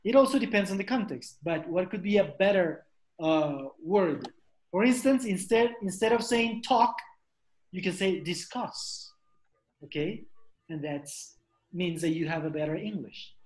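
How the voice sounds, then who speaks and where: A man's voice: sits high, lively intonation, unhurried, echoey room. A man teaching an online English class, repeating questions and drilling pronunciation over a video call.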